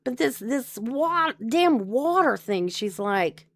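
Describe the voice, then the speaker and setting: This is a woman hosting a livestream in loose, casual chat with her viewers. Her voice sits high and swings widely in pitch, with a gravelly rasp under it. She rambles and breaks into laughter often. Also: big pitch swings, slow pace, dry recording, studio quality. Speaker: livestream host.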